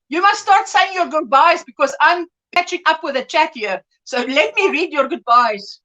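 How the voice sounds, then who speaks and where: A woman's voice: sits high, lively intonation, moderate pace, few pauses, pushed and bright, poor audio. A middle-aged woman hosting a casual livestream, chatting and reading viewer comments aloud with lots of rambling restarts. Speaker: livestream host. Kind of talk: casual chat.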